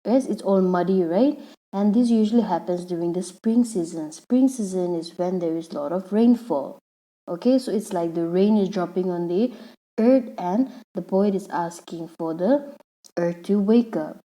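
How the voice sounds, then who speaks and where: A woman teacher explaining a lesson patiently, repeating each word slowly so the syllables come through. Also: fairly low pitch, warm tone, poor audio. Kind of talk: slow classroom explanation.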